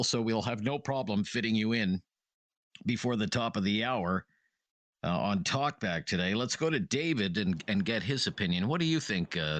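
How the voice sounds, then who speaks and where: A low-voiced man hosting a call-in radio show. He talks in an easy, friendly way and keeps things moving. The studio sound is dry and close. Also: a bit bright, no echo. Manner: brief affirmations, friendly and easygoing. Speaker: radio talk show host.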